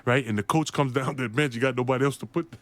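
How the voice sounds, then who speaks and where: A former basketball player telling an animated story in an interview, laughing often and acting out the voices of the people in it. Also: male voice, medium pitch, fast talker.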